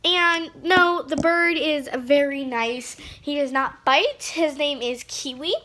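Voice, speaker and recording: A woman's voice: high-pitched, takes it slowly, pushed and bright, slight background noise. A female vlogger chatting casually to the camera, rambling with lots of fillers and restarts.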